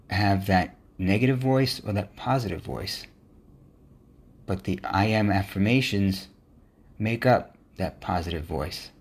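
A man hosting a motivational podcast, speaking in an earnest, encouraging monologue. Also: on the low side. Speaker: podcast host.

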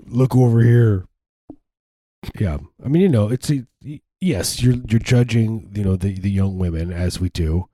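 A man's voice: on the low side, moderate pace, hardly any pauses, warm tone, dry recording, clean studio sound. A man from the Chicago area in an improvised comedy chat, joking and slipping into silly put-on voices. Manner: jokey, slips into put-on voices.

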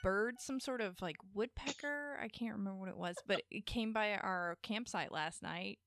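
A woman radio host from the American Midwest, chatting casually on air, rambling with lots of fillers and quick laughs. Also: medium pitch, fairly bright tone, no room sound, faint music behind.

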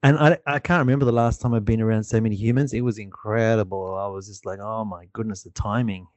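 A man's voice: fairly low pitch, fairly even intonation, fast, darkish tone, no echo. A middle-aged Australian man hosting a casual podcast, rambling with restarts and laughing often. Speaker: podcast host.

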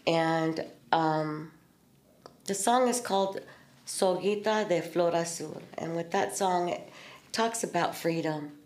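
A woman's voice: fairly low pitch, slow pace, darkish tone. A middle-aged woman hosting a podcast, telling a personal story in a candid, spiritual way with casual swearing. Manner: earnest, storytelling, spiritual talk with swearing and laughs. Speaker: podcast host. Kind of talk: candid heartfelt conversation. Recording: echoey room.

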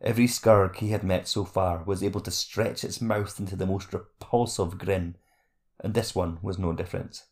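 A man reads a fantasy novel aloud as its narrator. His voice sits a touch low and has a rough, gravelly texture. The reading is steady and measured, with even pacing throughout.

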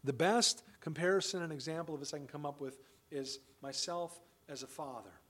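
A man's voice: fairly high pitch, fairly quick, a bit bright. A man preaching a sermon, emphatic and full of rhetorical questions. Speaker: pastor; father of children.

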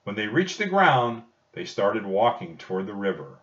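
A man narrating a children's storybook audiobook in a slow, expressive storytelling manner. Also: lowish voice. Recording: dull distant recording.

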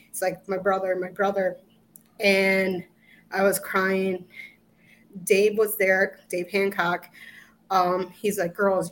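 A middle-aged woman, an interview guest, recounting a personal ordeal in a halting way with restarts and quoted asides. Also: medium pitch, fairly bright tone. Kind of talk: emotional personal recollection.

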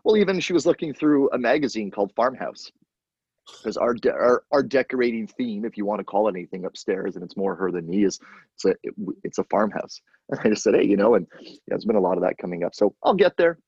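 A man hosting a podcast in casual chat, telling stories with excitable energy. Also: lowish voice, quick pace, husky, no room sound. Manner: animated storyteller, excitable. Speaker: podcast host. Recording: dull, lo-fi dry sound.

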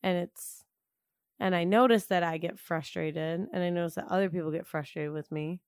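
A woman's voice: on the low side, steady tone, moderate pace, clean tone, no echo. A young woman co-hosts a casual chat podcast. She talks hesitantly, circling her point with fillers and restarts. The sound is dry and close. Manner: hesitant, filler-heavy, many "like"s. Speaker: podcast co-host.

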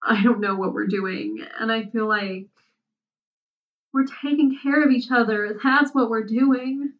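A woman's voice: medium pitch, level tone, normal speed, recorded from a distance, lo-fi sound, natural voice. A woman voicing an anxious, tender woman who pleads and breaks into tears. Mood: tearful.

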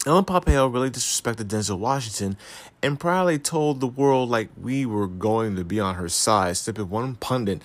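A man's voice: medium pitch, expressive, moderate pace. A man giving casual celebrity gossip commentary, reading articles aloud with sarcastic, profane asides. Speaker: commentary host.

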